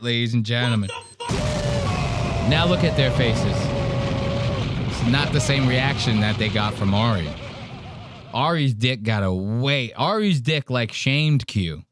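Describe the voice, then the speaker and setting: A man's voice: medium pitch, animated, a little slow, pauses often, noisy background. A man hosting a podcast, riffing crudely and jokingly on video clips in a rambling, profane way. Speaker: podcast host. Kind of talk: crude comedic commentary on clips.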